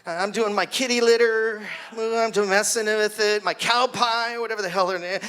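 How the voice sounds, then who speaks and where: At his own birthday party, in a hall full of guests, a sixty-something man with a high voice and clean tone speaks at normal speed. He performs an animated stand-up story, voicing the people in it and acting out their screams.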